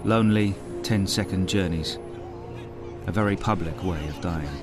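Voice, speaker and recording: A man narrating a documentary in a grave, measured way. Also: low voice. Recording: narration over music.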